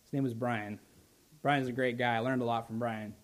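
A male pastor preaching a sermon, building to loud emphatic lines, then dropping soft and slow. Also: mid-range voice, fairly even intonation.

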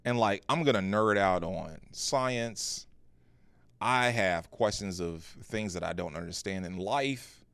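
Low-voiced man telling an earnest story. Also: takes it slowly, gravelly, clean tone, no room sound. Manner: earnest, animated storytelling with frequent restarts. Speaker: pastor and podcast co-host. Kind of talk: casual podcast conversation.

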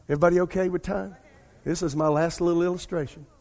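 A man's voice: high voice, fairly even intonation, fast talker, creaky, darkish tone. A middle-aged man, preaching a sermon and addressing his congregation directly. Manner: preaching with call-and-response asides to the congregation. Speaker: pastor. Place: church sanctuary. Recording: long hall reverb.

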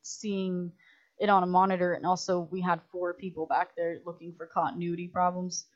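A woman guest on a casual podcast, telling stories in an animated way with lots of "like" and acted-out quotes. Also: on the low side, moderate pace, muffled recording. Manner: animated storytelling, many "like"s, acts out quotes. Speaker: guest filmmaker.

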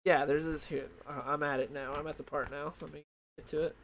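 A young man talks through a comic book he has been reading, in a loose, meandering way full of fillers and restarts. His voice sits a little high for a man, and he drops to a quiet mutter when he reads something from the page. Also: level tone, fairly quick, vocal fry, slight background noise. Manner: rambling, many fillers and restarts. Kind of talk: casual chat.

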